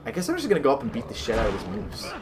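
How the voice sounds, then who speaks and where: A man's voice: mid-range voice, wildly swooping pitch, very fast, music in the background. Rambling man chatting over gameplay. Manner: rambling, swears freely, many fillers. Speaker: let's play host. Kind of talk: casual gameplay commentary.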